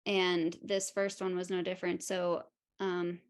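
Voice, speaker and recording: A woman's voice: on the low side, level tone, unhurried, clear, resonant tone. A woman speaking as a podcast guest, telling a personal story openly and frankly, laughing at herself and acting out what other people said.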